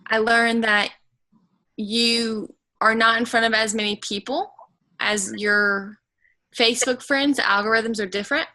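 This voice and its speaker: A woman chatting casually on a team video call, talking in quick, self-correcting bursts. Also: fairly high pitch, sharp tone, rough recording. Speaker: fitness business team member.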